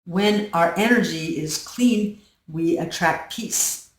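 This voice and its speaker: A woman's voice: on the low side, distant mic. Earnest woman speaking from across an echoey room. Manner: slow, earnest, storytelling with soft dips in volume. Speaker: channel host. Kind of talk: reflective self-help monologue. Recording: roomy echo, voice set back from the mic.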